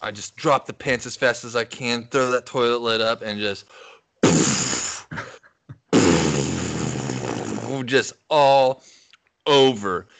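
A man's voice: lowish voice, very animated, very slow, creaky, pauses often, slight background noise. A young man casually telling a crude, rambling story on a podcast, laughing as he goes. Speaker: podcast co-host.

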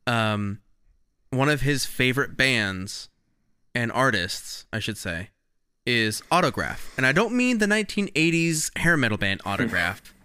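Bright clear guy rambling on a music podcast, into a close mic. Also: medium pitch, very animated, measured pace, no room sound. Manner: enthusiastic, rambling storytelling. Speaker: podcast co-host. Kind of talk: casual music podcast chat. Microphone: podcast microphone.

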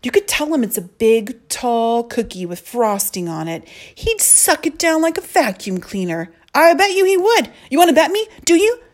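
A woman plays a hyper, goofy schoolboy in an audiobook. He is loud and emphatic, and his voice climbs high as he gets worked up. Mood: insistent. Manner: loud, slow and emphatic, rising to excited.

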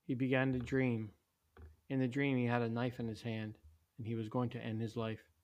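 A man reading a story aloud in a steady, plain way, with small slips. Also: mid-range voice, normal speed, dull audio. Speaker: narrator.

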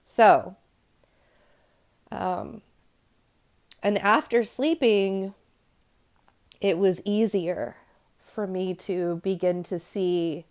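A woman's voice: lowish voice, darkish tone. A woman hosting a podcast, talking to her listeners in a candid, rambling monologue full of asides and restarts. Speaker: podcast host.

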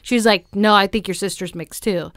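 A woman's voice: medium pitch, normal speed, noisy background. A woman in her thirties hosting a casual chat with friends, telling stories and acting out what other people said. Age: 30s. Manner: animated storyteller, acts out others' lines. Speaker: podcast host.

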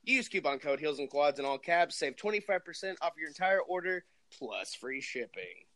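Lively bright-voiced man chatting casually. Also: fairly high pitch, moderate pace. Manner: laid-back, laughs often, says like and dude. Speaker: podcast co-host. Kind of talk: casual chat.

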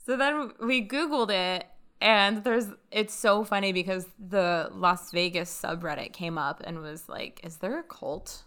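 A woman casually telling a story on a podcast, chatty and animated, acting out what others said. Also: medium pitch, a little slow, clean tone. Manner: chatty, animated retelling with quoted dialogue. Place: lives in Las Vegas.

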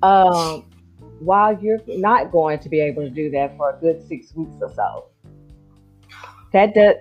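A woman with a lowish voice hosts a casual podcast chat. She talks in an encouraging way and keeps stopping to hunt for the right word. The sound is dull and lo-fi, with faint music underneath. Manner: encouraging, searching for words. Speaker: podcast host.

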